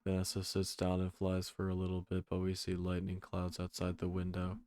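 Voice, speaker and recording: A man reading a comic film script aloud as narrator in a drowsy monotone. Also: sits low, moderate pace, dry recording.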